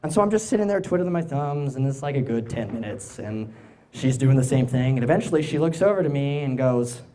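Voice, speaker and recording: A man's voice: mid-range voice, animated, fairly quick, dark tone. A young man performing live stand-up, telling rambling, self-mocking anecdotes with many restarts, in front of a laughing audience. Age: young adult. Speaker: stand-up comedian. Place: stage before a laughing audience.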